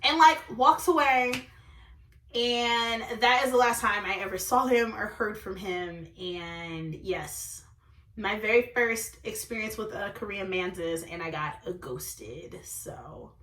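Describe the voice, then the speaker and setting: A young woman telling a dating story in a storytime vlog, animated and laughing often. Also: medium pitch, takes it slowly, roomy sound, distant mic. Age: young adult. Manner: animated, laughs often, says okay and like a lot. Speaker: vlogger.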